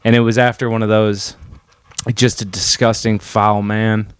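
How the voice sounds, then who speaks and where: A man's voice: lowish voice, flat delivery, a little slow, smooth, no echo. A young man co-hosting a podcast, telling crude stories in a laid-back casual chat. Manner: crude laid-back storytelling, many fillers. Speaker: podcast co-host.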